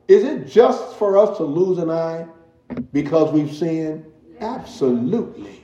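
A man's voice: fairly high pitch, moderate pace, warm tone. A man preaching a sermon, emphatic and repeating key phrases for weight. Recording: roomy, distant, dull sound.

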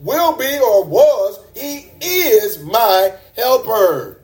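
A man's voice: high voice, sing-song, very slow. A man preaching a sermon to a congregation in a church, emphatic and repeating words for stress.

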